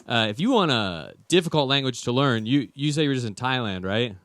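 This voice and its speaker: Bright, crisp stand-up comedian man. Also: mid-range voice, very animated, brisk, no room sound. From United States. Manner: rambling, self-deprecating, with many fillers.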